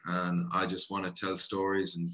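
Man, Irish-born actor, chatty interview, low voice, bright tone, echoey room. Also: normal speed. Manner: animated, frequent "you know" and "brother". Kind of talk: casual interview chat. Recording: roomy echo.

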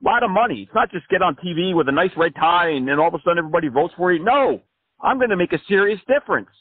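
A man doing a pompous small-time candidate who rambles through an absurd campaign pitch. His voice sits high and husky, squeezed through a thin, phone-like line with no room around it. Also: lively intonation, rapid-fire, dry recording. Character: self-important male fringe politician, a smooth-talking blowhard. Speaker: prank caller.

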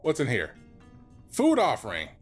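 A man's voice: mid-range voice, huge pitch swings, normal speed, husky, soft background music. A man playing a horror game and commenting, jumpy and nervous, swearing and reading the on-screen text aloud. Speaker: let's play host.

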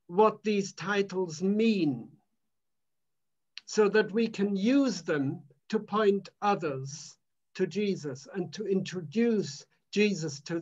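A man minister preaching a sermon in an emphatic, measured way, repeating phrases for weight. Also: high-pitched, muffled recording.

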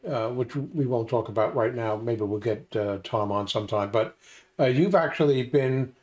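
A man's voice: medium pitch, normal speed, a little mellow. An older man co-hosting a casual chat, steering the talk with many hesitations. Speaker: co-host.

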